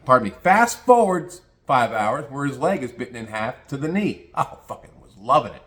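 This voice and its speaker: An older man rants in a crude, mocking way, telling a story in a casual monologue. His voice sits fairly high for a man. He mimics the people he mocks as he goes along. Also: big pitch swings, moderate pace, fairly bright tone. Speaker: vlogger. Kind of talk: casual rant.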